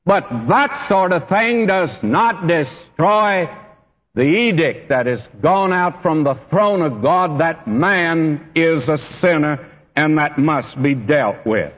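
A pastor preaches a sermon in church, slowly and expressively, in a fairly high voice. Earnest, he speaks straight to his listeners, calling them friend and beloved. The recording is dull and echoey, made in a church hall.

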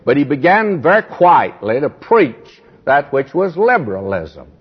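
Older teacher, folksy and emphatic, on a dull old tape. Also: male voice, big pitch swings, measured pace, husky. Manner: folksy, emphatic, rises high when mocking. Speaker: Bible teacher. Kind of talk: radio Bible sermon.

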